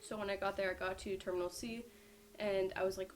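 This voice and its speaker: Brief: young female vlogger, mid-range pitch, chatty and casual, lots of fillers, faint hum behind. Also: fairly even intonation, a little fast. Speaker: powerlifter vlogger. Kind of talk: casual vlog storytelling.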